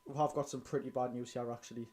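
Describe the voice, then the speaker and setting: A man with a Geordie accent chatting excitedly to his viewers during a live football watch-along. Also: mid-range voice, fast. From North East England. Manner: chatty, excitable, keeps addressing the lads. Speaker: football fan streamer.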